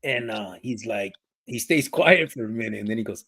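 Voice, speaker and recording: A man's voice: fairly low pitch, animated, normal speed, sharp tone, breathy edge. A man hosting a podcast, telling a story in slangy casual chat and laughing as he goes. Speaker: podcast host.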